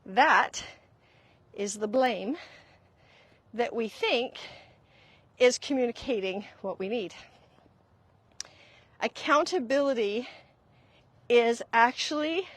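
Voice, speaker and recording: Woman, middle-aged, somewhat high-pitched, earnest, confessional, solo podcast talk, repeats points for emphasis. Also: no echo. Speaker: podcast host.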